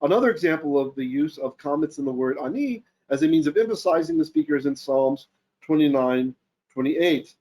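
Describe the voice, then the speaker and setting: A man's voice: fairly high pitch, very animated, fairly quick, a little mellow. A man teaching a Torah lesson, reading Hebrew verses aloud and then translating and explaining them as he thinks them through. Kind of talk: Bible study lesson.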